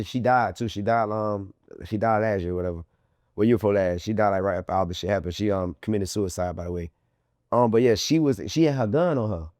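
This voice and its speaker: A man's voice: mid-range voice, no room sound, studio quality. A man being interviewed, telling a long story in loose, profane street slang and acting out what people said. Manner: animated, profane street slang, acts out quotes. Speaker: interview guest. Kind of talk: casual storytelling.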